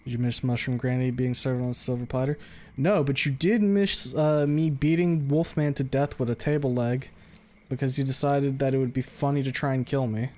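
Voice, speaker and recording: A man's voice: mid-range voice, fairly even intonation, moderate pace, mellow. A man streaming a video game, thinking aloud in a casual way with the odd swear. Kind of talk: live gameplay commentary.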